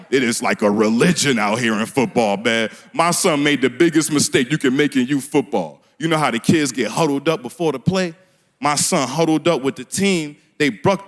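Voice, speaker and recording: A man's voice: a little high, a bit bright. A man from doing a stand-up comedy set on a small theater stage, laughing at his own jokes and talking in loose street slang.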